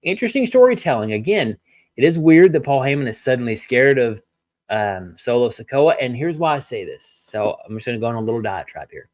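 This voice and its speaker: Recorded with no room sound, a medium-pitched man with a sing-song delivery runs a solo podcast reviewing wrestling. His rant is packed with rhetorical questions, and he keeps apologizing for wandering off topic.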